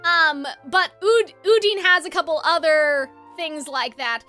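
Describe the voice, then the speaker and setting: A woman's voice: high-pitched, measured pace, pushed and bright, faint music behind. A woman streamer in casual live-stream chat, talking in a rambling, chatty way and often correcting herself.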